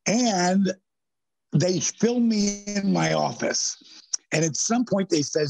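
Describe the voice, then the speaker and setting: Man, 60s, podcast guest storyteller; husky, higher-pitched, dry close sound. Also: slow, no echo, low-quality recording. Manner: animated storyteller who slips into voices. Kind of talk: storytelling in casual interview.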